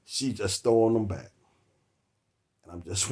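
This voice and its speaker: A man, telling a long comic story about a date that cost him, laughing between words and swearing freely. His voice sits a little low. The delivery is loose and conversational. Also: expressive, unhurried, a little mellow. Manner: profane, laughing through the story. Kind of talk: comedic storytelling monologue.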